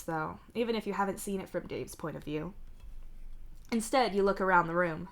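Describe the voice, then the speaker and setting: Woman narrating a story live, lowish voice. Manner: even, second-person narration. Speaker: streamer reading fan fiction aloud. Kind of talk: live-streamed story reading.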